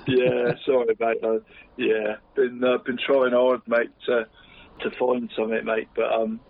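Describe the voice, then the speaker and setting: Bloke co-host on a phone line, says mate every few words, lots of ums, mid pitch. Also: male voice, flat delivery, a little slow, creaky. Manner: says "mate" constantly, rambling with fillers. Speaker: podcast co-host. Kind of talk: casual chat. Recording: tinny phone-line sound.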